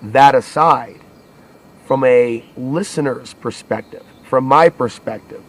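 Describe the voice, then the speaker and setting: A man's voice: mid-range voice, takes it slowly, a little hiss or hum. Male channel host, solo talk, rambling delivery with frequent self-corrections. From United States. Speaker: alternative media channel host. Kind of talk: solo monologue to camera.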